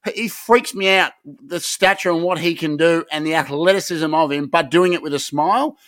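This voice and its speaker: Excitable Australian man, dry close sound. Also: fairly high pitch, moderate pace, no echo. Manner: rowdy, sweary, excitable rants. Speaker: podcast co-host. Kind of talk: hyped casual chat.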